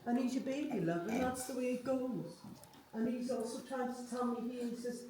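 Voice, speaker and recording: A woman's voice: on the high side, steady tone, moderate pace, warm tone. A woman working as a medium, relaying messages to a sitter in a chatty way, with frequent tag questions. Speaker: medium giving a reading. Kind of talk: live psychic reading to a sitter. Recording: echoey room from far off, faint noise.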